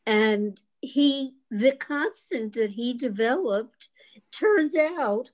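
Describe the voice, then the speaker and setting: A woman in the audience, speaking in a measured, thoughtful way on a video call. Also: fairly high pitch, expressive.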